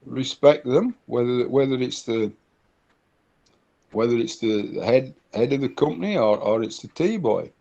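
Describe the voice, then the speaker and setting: Middle-aged man, gravelly, anecdotal interviewee; dull lo-fi sound. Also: mid-range voice, lively intonation, measured pace, warm tone. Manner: anecdotal, repeats words while searching. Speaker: interviewee, consultant. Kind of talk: casual interview talk. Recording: dull lo-fi recording.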